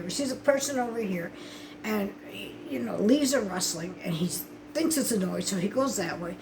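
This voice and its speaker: A woman's voice: mid-range voice, noisy background. An older woman vlogging casually to camera, tearful and upset, telling a rambling story full of swearing.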